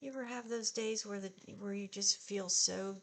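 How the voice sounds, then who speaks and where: A woman in her sixties chatting slowly and haltingly while she does her makeup, sounding upset and discouraged. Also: mid-range voice, steady tone, a bit bright. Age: 60s. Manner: slow, subdued and halting, with sighs. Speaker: beauty vlogger. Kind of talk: casual get-ready-with-me chat.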